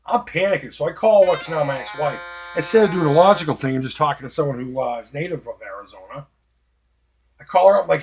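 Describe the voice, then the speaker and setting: A man's voice: a little high, quick pace, a crowd in the background. Rambling, swearing man from Boston. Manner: rambling, profane storytelling with frequent fillers. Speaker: retro gaming host. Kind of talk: casual gameplay commentary.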